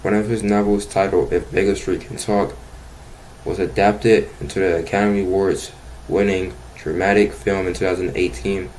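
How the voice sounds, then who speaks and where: Deep, flat-voiced man reading aloud. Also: normal speed, a little hiss or hum, poor audio. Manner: careful reading with occasional stumbles. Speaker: program presenter. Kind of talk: reading a prepared biography.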